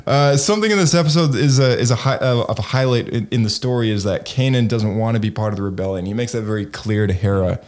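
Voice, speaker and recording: A man's voice: mid-range voice, fast, few pauses, a little mellow. A man co-hosting a casual chat, rambling and full of fillers and hedges. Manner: rambling, filler-heavy, hedging. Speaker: podcast co-host.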